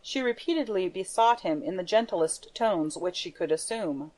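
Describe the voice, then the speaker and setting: A woman narrating an audiobook in a measured storytelling manner. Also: on the low side, expressive, darkish tone. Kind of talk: scripted narration.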